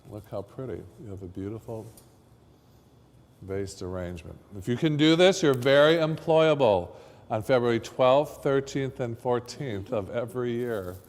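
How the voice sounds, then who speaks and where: A chatty man coaching a class through a hands-on floristry demonstration, quizzing his students as he goes. His mid-pitched voice rings with a long hall reverb, as in a workshop classroom. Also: normal speed, a little mellow. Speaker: floristry instructor.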